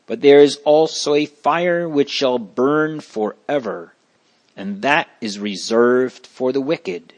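A man voicing a brave, gray-haired old bishop who answers calmly and steadily in a read-aloud story. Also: medium pitch. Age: older. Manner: calm, steadfast.

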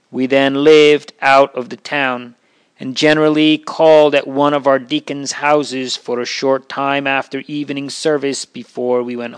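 A man's voice: mid-range voice, clear, resonant tone. A man reading an old religious memoir aloud in a solemn, earnest way. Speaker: reader.

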